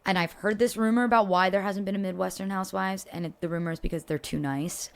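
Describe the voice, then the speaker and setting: A young woman from Philadelphia chatting as a podcast guest, animated, cursing freely and laughing often. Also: medium pitch, fast, gravelly. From Philadelphia, USA. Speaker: podcast guest, content creator. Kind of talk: casual chat.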